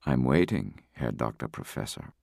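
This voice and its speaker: A calm, coldly polite intruder, put on by a male reader, murmuring his threats in a very deep, gravelly voice. Every word is quiet and level, menace held under the surface, in a dry, close storybook reading. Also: normal speed, no echo, full character voice.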